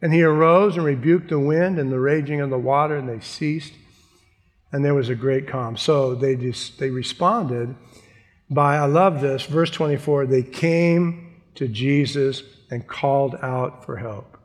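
A man's voice: mid-range voice, a little slow. Reverberant male preacher, emphatic yet chatty. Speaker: pastor. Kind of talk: sermon.

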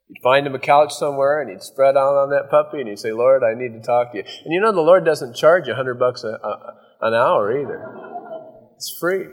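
Man, pastor, folksy conversational sermon, mid-pitched voice, long hall reverb. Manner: folksy, conversational preaching with acted-out asides. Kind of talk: verse-by-verse sermon.

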